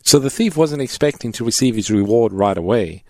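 A man co-hosting a Bible radio show, introducing callers and adding calm points. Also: mid-range voice, dry recording. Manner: measured, announcing. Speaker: radio co-host.

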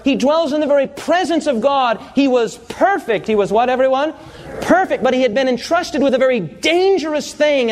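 Very high-voiced male preacher. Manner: animated, humorous storytelling, quizzing the congregation. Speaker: pastor. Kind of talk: sermon.

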